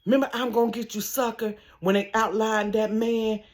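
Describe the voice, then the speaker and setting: A woman telling a funny personal story in a casual vlog from her bedroom, animated and laughing, acting out sounds. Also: a little high, moderate pace. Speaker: storyteller vlogger.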